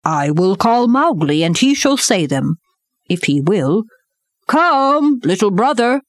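A woman's voice: mid-range voice, big pitch swings, takes it slowly, no echo, clean studio sound, voice pushed up. A woman voicing an old male bear who teaches sternly, speaking earnestly and in a lecturing way in a storybook reading.

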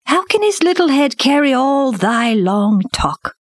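Woman doing Bagheera, a high, scornful male panther. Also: sing-song, unhurried, no room sound, clean studio sound, full character voice. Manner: scornful, teasing. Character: male black panther, sleek, proud, indulgent.

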